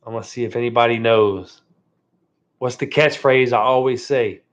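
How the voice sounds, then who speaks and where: Streaming live from home, a man talks with his viewers in a relaxed, easygoing manner, thanking them repeatedly and finishing phrases with "man." His voice is mid-range, with a steady tone and moderate pace. The recording has dull, lo-fi stream sound.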